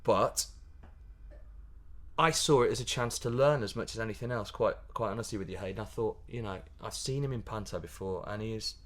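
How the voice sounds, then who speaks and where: Animated man, laughing a lot. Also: lowish voice, quick pace, hardly any pauses. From Yorkshire, England. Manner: animated, laughing, many restarts. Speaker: pantomime comedian guest. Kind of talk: casual interview chat.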